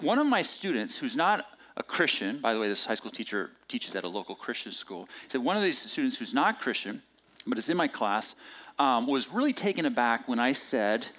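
A middle-aged man preaching a sermon, his pitch rising and falling in a lively, animated way. He talks like he's telling a story to friends, with plenty of restarts and filler words. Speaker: pastor.

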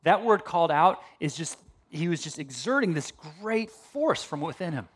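A middle-aged man preaching from the pulpit in an easy, conversational way. His voice sits a little high and rises and falls with real energy. He breaks off for quick asides and restarts before carrying on. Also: expressive, slightly rough. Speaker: pastor. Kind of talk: sermon.

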